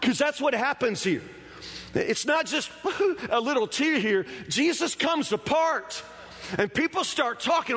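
Male pastor, sermon delivery, talky and emphatic with stammered restarts; high voice, long church reverb. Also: animated, a little slow, fairly bright tone.

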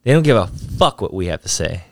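A man's voice: sits low, sing-song, fairly quick, gravelly, no echo. A man co-hosting a casual podcast chat, blunt and profane.

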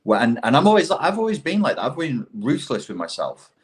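A middle-aged man in casual conversation, talking in an animated, profane way and acting out quotes as he tells stories. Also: mid-range voice, fairly quick.

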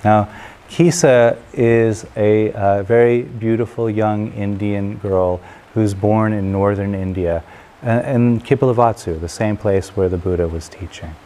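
Man telling an old parable, low deep voice, relaxed, little bit of room hum. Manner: relaxed, unhurried, with filler pauses. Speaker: storyteller. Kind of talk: spoken parable storytelling.

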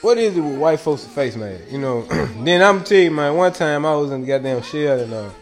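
A man's voice: on the high side, lively intonation, a little fast, faint music behind. A man talking in a loose, rambling solo monologue, swearing constantly and often breaking into laughter. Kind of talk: casual profane monologue.

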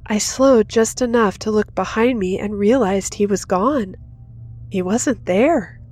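A woman reading a first-person horror story in a dramatic scripted narration. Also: mid-range voice. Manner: dramatic, rising to intense in action. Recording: soft music under the voice.

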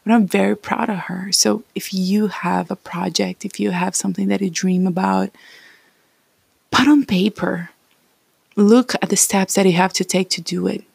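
A woman's voice: mid-range voice, fairly even intonation, normal speed, creaky, darkish tone, breathy edge, dry recording. A woman in her thirties from Brazil with a Brazilian Portuguese accent, talking in a rambling, encouraging casual vlog.

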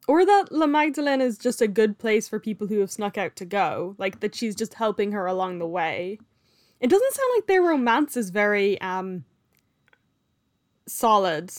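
A woman's voice: mid-range voice, big pitch swings, normal speed, no room sound, studio quality. A woman co-hosting a casual book talk, answering with wry, questioning remarks. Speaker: book podcast co-host.

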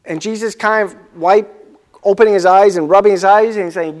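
A man with a high voice and steady tone gives a sermon like a conversation. He asks his audience questions and slows down on the words that matter most.

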